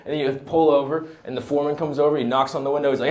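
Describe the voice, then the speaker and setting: A man's voice: on the high side, fairly even intonation, racing, hardly any pauses, darkish tone. A man in his thirties doing a stand-up set, talking casually and loosely, often laughing between lines. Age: 30s. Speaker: stand-up comedian. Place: comedy club stage with audience laughter.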